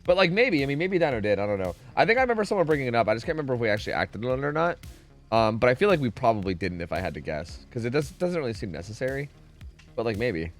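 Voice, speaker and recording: A young man streaming a game, talking casually and swearing often. His pitch swings widely from low mutters to high yelps, and faint music plays behind him. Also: sing-song, racing. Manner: profane, rambling, reacts loudly to chat. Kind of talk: casual gaming stream chat.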